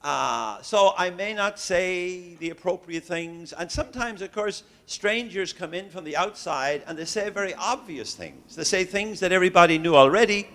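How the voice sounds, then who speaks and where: A man's voice: high voice, animated, normal speed, few pauses, a bit bright. A man from Ireland with an Irish accent, giving a genial, joking lecture to religious educators as a visiting professor, with frequent hesitations. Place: lecture hall.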